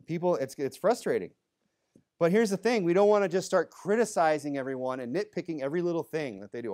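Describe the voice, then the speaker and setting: A man's voice: fairly high pitch, expressive, quick pace, a little mellow. A man preaching in a church in a loose, conversational way, with good-humored asides. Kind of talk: conversational sermon.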